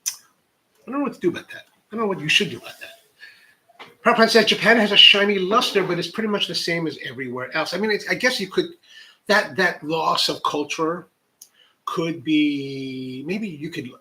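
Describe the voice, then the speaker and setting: A man hosts a relaxed livestream, reading viewer comments aloud and riffing on them. He rambles and restarts often, in a fairly high, very bright voice. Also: normal speed. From United States. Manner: rambling, many restarts, animated asides. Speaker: coffee channel host.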